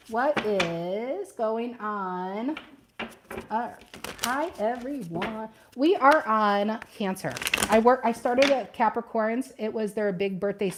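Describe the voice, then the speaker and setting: A woman's voice: mid-range voice, a little mellow, slight background noise. A woman doing a casual tarot reading, chatty and thinking aloud, often repeating her questions to the cards. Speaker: tarot reader.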